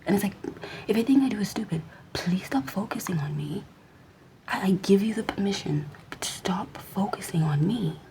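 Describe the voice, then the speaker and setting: A woman's voice: medium pitch, lively intonation, brisk, creaky, dark tone, a little hiss or hum, low-quality recording. A young adult woman vlogger ranting in a sassy, mostly whispered voice to her camera.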